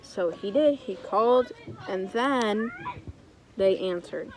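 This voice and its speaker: Young woman, unhurried, improvised storytelling, home indoors, faint hum. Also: medium pitch, lively intonation, poor audio. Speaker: co-host telling a story.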